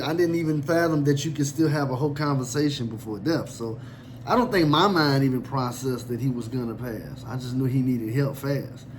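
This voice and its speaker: A man's voice: medium pitch, a little hiss or hum. Somber man recalling a painful memory. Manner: somber, reflective, slow and halting. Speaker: storyteller. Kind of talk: personal storytelling.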